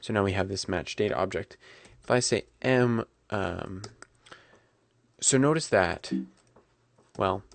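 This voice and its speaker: Guy with a gravelly low voice walking thru code on screen, dry sound, typing in the background. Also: takes it slowly, long pauses, dry recording. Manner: relaxed, self-correcting, talks while typing. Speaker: programming instructor. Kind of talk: screencast coding tutorial.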